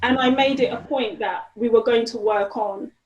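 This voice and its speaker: A woman's voice: a little high, normal speed, lo-fi sound. A woman, a guest in an interview, talking casually with lots of fillers and restarts. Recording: roomy echo.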